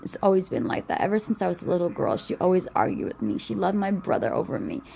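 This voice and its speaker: Crying woman rambling into her phone, dark gravelly voice, pitch swings all over. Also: sing-song, slight background noise, low-quality recording. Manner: halting, rambling, repeats herself. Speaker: vlogger. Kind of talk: tearful confessional monologue.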